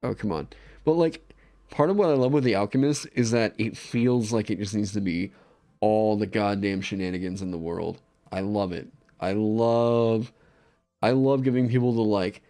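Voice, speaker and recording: A man chatting on a livestream in an excitable way, swearing freely and breaking into laughter. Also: fairly low pitch. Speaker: streamer designing game content. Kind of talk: casual livestream chat.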